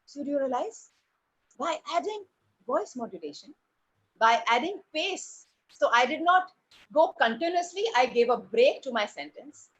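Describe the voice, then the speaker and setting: A woman, a drama teacher presenting to parents, speaking with deliberate pauses and stressed words. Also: high voice, animated, a bit bright. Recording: dull lo-fi recording.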